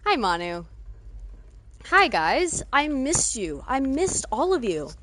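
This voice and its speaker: A woman streaming live, chatting casually and excitedly greeting her viewers. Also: high-pitched, takes it slowly, slight background noise. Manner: excitable, greets chat warmly.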